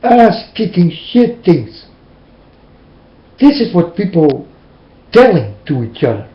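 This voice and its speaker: A man's voice: sits high, big pitch swings, slow. A man delivering a preachy, scolding monologue to his listeners, with emphatic, plain and slightly non-standard phrasing. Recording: roomy, dull lo-fi recording.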